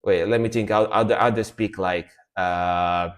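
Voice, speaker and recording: A man chatting casually on a music reaction live stream, laid-back and rambling, often trailing off quietly. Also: fairly low pitch, steady tone, normal speed.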